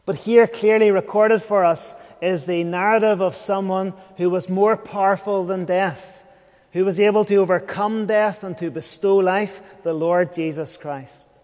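High-voiced man preaching in a reverberant hall. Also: fairly even intonation, unhurried, a little mellow. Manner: earnest, questioning, drops to a near whisper at times. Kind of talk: evening sermon.

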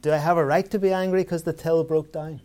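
A man preaches with a voice pitched a little above most men's. He keeps it conversational, asking his listeners rhetorical questions and weaving in everyday anecdotes. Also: fairly even intonation, fast, a little mellow. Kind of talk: sermon.

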